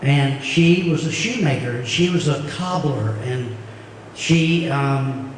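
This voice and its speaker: A middle-aged man telling a halting, heartfelt story on a concert stage, heard through a stage mic from the audience. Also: medium pitch, a little hiss or hum. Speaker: singer-songwriter performing a concert. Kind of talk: storytelling between songs. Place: opera house stage. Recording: echoey hall recorded from far off.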